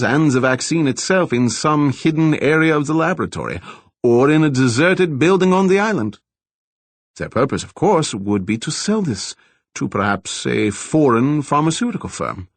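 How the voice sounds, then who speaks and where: A man voicing a calm, lecturing laboratory scientist with a slight foreign accent, explaining things patiently in an audiobook. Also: on the high side, no room sound, voice pushed up. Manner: measured, explanatory, politely evasive. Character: middle-aged male lab director, soft-spoken, lecturing, with a slight foreign accent.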